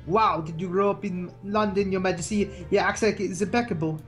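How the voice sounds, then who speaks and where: A woman's voice: medium pitch, steady tone, fairly quick, faint music behind, close to an everyday voice. A woman voicing a self-assured male bird lawyer in a video game, declaring his lines theatrically. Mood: grand.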